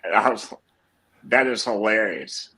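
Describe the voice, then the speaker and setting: Slow low gravelly guy, bright tense tone, thinking out loud. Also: rough recording. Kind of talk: casual chat.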